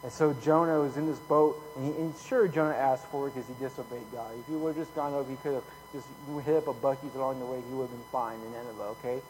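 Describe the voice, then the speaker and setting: A man preaching a casual, conversational sermon full of slang, growing louder when he reads scripture. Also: medium pitch, fairly even intonation, fast, hardly any pauses. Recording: hall reverb, faint hum.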